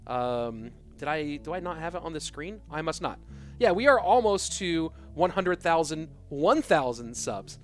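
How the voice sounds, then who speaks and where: Male esports caster, higher voice, chatty stream host, light music under. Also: expressive, measured pace. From California. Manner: chatty, reads chat questions aloud. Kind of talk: live esports commentary.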